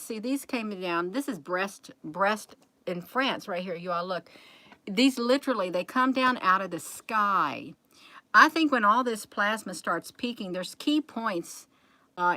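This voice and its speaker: A woman's voice: mid-range voice, sharp tone. A woman hosting a casual livestream, rambling and chatty as she keeps talking straight to her viewers.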